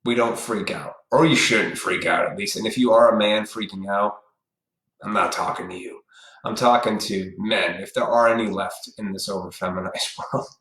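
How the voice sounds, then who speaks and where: A man with a fairly low voice rants bluntly on his own live stream, swearing freely and lecturing his viewers directly. His speech is loose and conversational, full of asides to the audience. The sound is roomy and echoey, like a bare room picked up by a desk mic. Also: normal speed, a bit bright. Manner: blunt, profane, preachy, talks straight to viewers. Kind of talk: casual ranting live stream.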